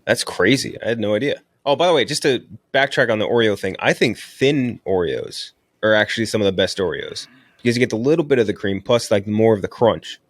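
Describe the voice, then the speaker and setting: Brief: male host, lowish voice, dry close sound, keeps the show moving. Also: expressive, fairly quick, dry recording. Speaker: podcast host running a draft. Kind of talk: casual podcast chat.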